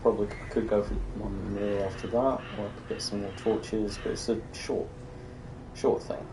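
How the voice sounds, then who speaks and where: A man's voice: on the low side, level tone, moderate pace, far from the mic, background noise. A young British man giving casual, sardonic commentary while streaming a game, muttering to himself and breaking into exasperated rants.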